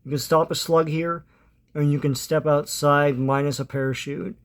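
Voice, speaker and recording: A man's voice: on the high side, fairly even intonation, normal speed, close to an everyday voice. A man voicing a threatening male villain pilot, reading his comic-book lines casually. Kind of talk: reading comic dialogue aloud.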